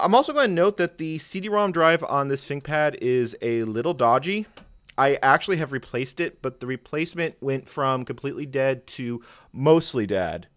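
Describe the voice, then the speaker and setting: A man talking his way through a live tech stream at a middling pitch. He rambles, fills gaps with "um" and "uh", and laughs at himself as he goes. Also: fairly bright tone, smooth. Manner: rambling, self-deprecating, frequent fillers and chuckles.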